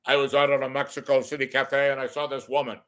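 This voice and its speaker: A man doing an impression of a movie gangster as a stand-up comic, loud with a heavy put-on accent. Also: mid-range voice, level tone, quick pace, pitched above the performer's own voice, close to an everyday voice. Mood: menacing.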